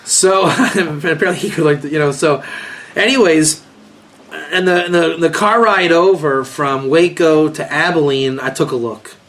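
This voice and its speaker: A man's voice: a little high, measured pace, a little hiss or hum. A man, a rabbi, giving a rambling, joking informal lecture to a small group and asking them questions. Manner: rambling, joking, animated, asks the audience questions.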